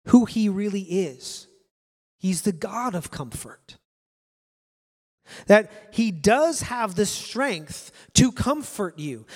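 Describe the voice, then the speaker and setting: A man's voice: sits high, long reverb tail. A male pastor preaching a sermon to his congregation, earnest and repeating key phrases for emphasis.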